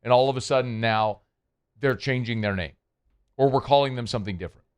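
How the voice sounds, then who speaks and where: A man's voice: mid-range voice, brisk, clean tone. Rambling, playful male radio host. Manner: rambling, playful, self-deprecating. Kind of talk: casual radio chat. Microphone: studio microphone.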